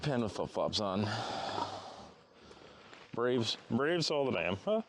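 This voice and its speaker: A man's voice: medium pitch, big pitch swings, takes it slowly, noisy background. A man hosting a casual vlog outdoors on a small farm, chatting along and cooing at his animals in playful baby talk. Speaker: homesteading channel host.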